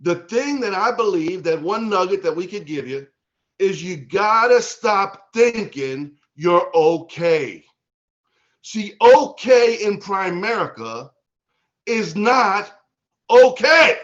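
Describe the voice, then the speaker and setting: A man giving a fervent motivational pep talk to his team on a video call, building up to shouts. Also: sits high, animated, slow pace, dull audio. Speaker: business leader speaking to team.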